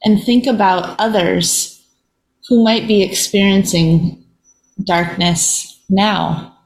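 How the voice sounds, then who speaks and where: A woman hosting a show, thanking a guest and leading a quiet guided reflection in a soft, measured way. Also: medium pitch, steady tone, vocal fry, low-quality recording. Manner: soft, measured, with drawn-out pauses. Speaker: podcast host.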